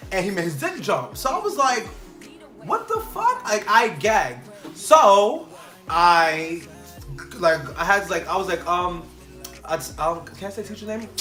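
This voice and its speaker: A young man telling a casual storytime vlog, animated and full of fillers, acting out the people in his story. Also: high voice, a little slow. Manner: animated, quotes people in changed voices, many fillers. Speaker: vlogger. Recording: echoey room with faint music.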